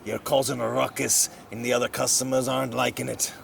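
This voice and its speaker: A man's voice: mid-range voice, flat delivery, brisk, creaky, a bit bright. A man voicing a fed-up male bartender who speaks firmly, recorded outdoors with traffic noise. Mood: stern. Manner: firm and stern.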